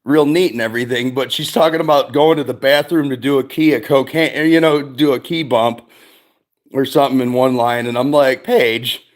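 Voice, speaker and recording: A man's voice: mid-range voice, steady tone, moderate pace. A middle-aged man hosting a livestream, telling stories in casual chat, profane and rambling, with many fillers. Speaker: streamer host.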